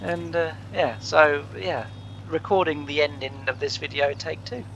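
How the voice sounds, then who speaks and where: A man's voice: a little high, a little slow, gravelly, fairly bright tone, highs cut off, a little hiss or hum. A man hosting a farming game let's play from his living room, chatting casually with lots of fillers and chuckles. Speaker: gaming channel host.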